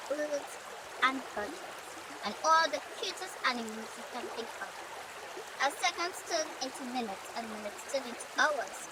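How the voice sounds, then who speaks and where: A woman narrating a storybook aloud in an expressive read-aloud style. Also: high voice, very noisy.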